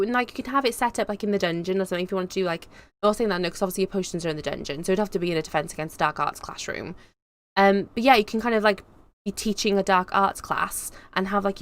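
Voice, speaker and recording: A young woman hosting a casual live stream, reading out chat comments and rambling cheerfully with lots of fillers. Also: mid-range voice. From England. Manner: chatty, bubbly, rambling with fillers. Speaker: YouTube host.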